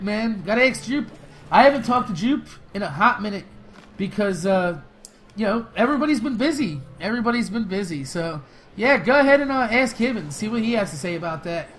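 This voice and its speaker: A young man hosting a gaming channel, telling stories and answering viewer questions in loose, profane, laughing chat that flares into excited shouts during fights. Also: sits high, brisk, faint music behind, poor audio. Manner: loose, profane storytelling with frequent laughs and fillers. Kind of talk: casual gameplay commentary with viewer Q&A.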